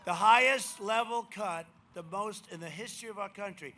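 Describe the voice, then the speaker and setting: A man giving a campaign rally speech as president, boastful and rambling, repeating himself and swinging from shouts to muttered asides. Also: high voice, moderate pace. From United States. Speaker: president speaking as a candidate. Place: rally venue.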